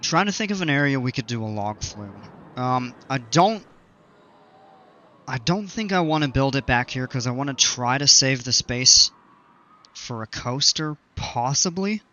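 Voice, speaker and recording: A man's voice: medium pitch, lively intonation, measured pace, bright, forceful tone, muffled recording. A man giving casual gameplay commentary, rambling and self-mocking with many fillers. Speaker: game channel host.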